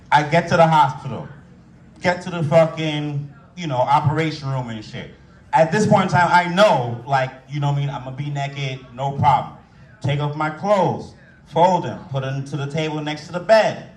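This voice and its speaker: A man tells a raunchy stand-up story with a slightly high voice, loud and animated, slipping into voices. He sounds a little distant from the mic. The room is echoey, with faint ambient noise behind him. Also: normal speed. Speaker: stand-up comedian.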